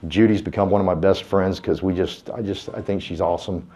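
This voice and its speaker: A man's voice: sits low, steady tone, a little fast, mellow. A man giving a folksy, fired-up motivational speech to a room of real estate agents, urging them on like a preacher. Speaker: real estate team speaker. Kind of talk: motivational speech to a live audience.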